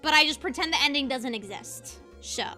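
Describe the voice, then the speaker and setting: A woman's voice: high voice, brisk, sharp tone, faint music behind. A young woman streaming as a VTuber, ranting passionately in casual commentary and laughing easily.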